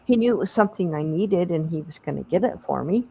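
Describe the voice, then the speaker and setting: A woman's voice: on the low side, expressive, fast, creaky, mellow, poor audio. A middle-aged woman hosting a bingo stream, chatting casually and laughing as she calls out winners. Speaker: stream host. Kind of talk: casual chat.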